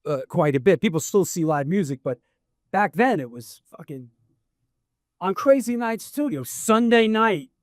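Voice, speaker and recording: A man's voice: high-pitched, animated, normal speed, no room sound, studio quality. A man moderating a live panel Q&A, talking bluntly and casually and swearing freely. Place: book event in a record store.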